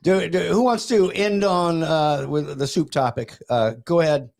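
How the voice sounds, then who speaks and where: A man's voice: on the high side, moderate pace, vocal fry, a little mellow. A man hosting a casual podcast, talking in a laid-back way with many fillers. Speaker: podcast host.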